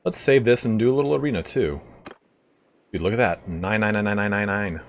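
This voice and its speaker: A man casually commenting on a game he plays live, chatting with viewers and breaking into excited reactions. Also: fairly low pitch, brisk, a little hiss or hum. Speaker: game streamer.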